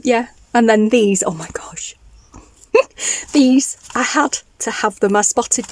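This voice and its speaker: A woman's voice: medium pitch, darkish tone, a little hiss or hum, rough recording. Gushing woman vlogger. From northern England. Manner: gushing, enthusiastic, chatty with restarts. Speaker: craft vlogger. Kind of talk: casual show-and-tell haul.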